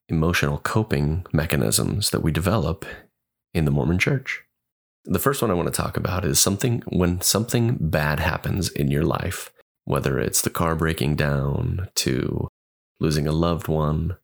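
A man's voice: low-pitched, creaky. A man hosting a solo podcast, talking in an earnest, thoughtful way and often restarting his sentences. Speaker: podcast host.

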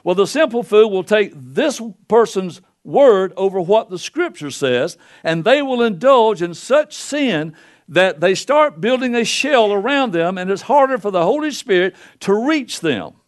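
An older man delivers a sermon into a pulpit microphone. His voice sits a little high, and his folksy, storytelling manner swings from loud declarations to low, quiet asides. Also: big pitch swings, measured pace. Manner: folksy preaching with wide swings in pitch and loudness. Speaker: pastor.

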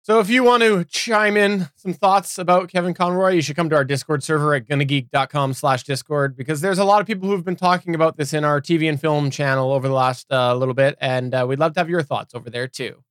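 A man's voice: fairly high pitch, fairly even intonation, quick pace, few pauses, a bit bright, dry recording, studio quality. A man co-hosting a geek news podcast, talking casually and often restarting his phrases. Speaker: podcast co-host. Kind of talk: casual chat.

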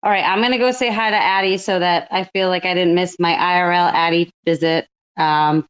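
A woman's voice: on the low side, fairly even intonation, a little fast, few pauses, clear, resonant tone. A woman in her thirties hosting a casual online audio chat, joking and laughing often. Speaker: space host.

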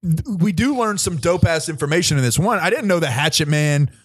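A man's voice: a little high, animated, fairly quick, no echo, studio quality. A man co-hosting a podcast in casual chat, teasing and laughing often between profane remarks. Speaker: podcast co-host.

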